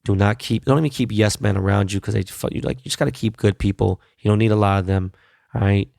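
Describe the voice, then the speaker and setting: Male podcast host, low gravelly voice, blunt profane slang, dry close sound. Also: fairly even intonation, quick pace, a little mellow, dry recording. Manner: loose, profane and blunt, laid-back street slang. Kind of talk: casual solo podcast wrap-up.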